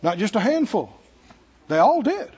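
Folksy Southern preacher, husky and lively. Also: male voice, sits high, normal speed, highs cut off. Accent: Southern American. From American South. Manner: folksy, humorous, laughs between points. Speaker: pastor. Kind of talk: sermon. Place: church sanctuary.

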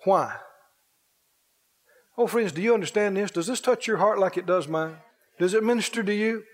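High-voiced preacher with hall echo. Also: male voice, moderate pace. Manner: dramatic storytelling with rhetorical questions; repetitive preaching cadence. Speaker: pastor. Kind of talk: sermon. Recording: long reverb in a large hall.

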